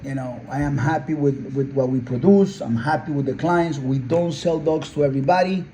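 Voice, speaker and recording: A man's voice: mid-range voice, normal speed, warm tone, a little hiss or hum, poor audio. A man, a dog breeder, telling heartfelt stories in an earnest, conversational interview. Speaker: pit bull breeder.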